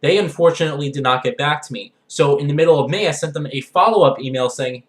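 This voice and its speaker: A man's voice: on the high side, fast, few pauses, roomy sound. A young man from the Los Angeles area talking casually in a gaming vlog, rambling and often checking in with "all right?". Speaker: gaming vlogger.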